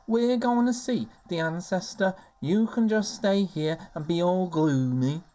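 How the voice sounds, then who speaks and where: A man's voice: high voice, measured pace, dark tone, muffled recording, pitched above the performer's own voice. A man voicing a spirited, bratty young female winged elf in a put-on Scouse accent, sassy and dismissive.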